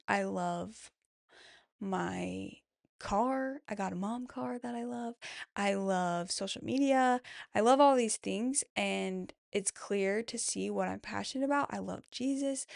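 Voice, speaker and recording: A woman hosting a mom podcast reads her followers' thoughts on motherhood aloud, taking her time and encouraging each one with a warm, chatty "I love that". Her mid-range voice sounds gravelly and creaky, and the close mic gives a dry, echo-free sound.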